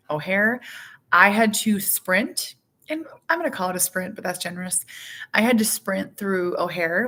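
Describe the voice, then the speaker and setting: A woman's voice: on the low side, sharp tone. A woman casually vlogging about her busy family life, rambling and self-deprecating, with lots of fillers. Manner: chatty and rambling, with many fillers, self-deprecating asides and acted quotes. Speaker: vlogger and mother. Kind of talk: casual personal vlog chat.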